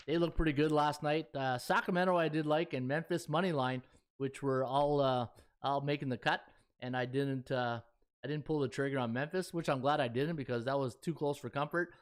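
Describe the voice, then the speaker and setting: A man's voice: mid-range voice, fairly even intonation, brisk. A man hosting a sports betting podcast, chatting in a folksy way with lots of fillers. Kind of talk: casual chat.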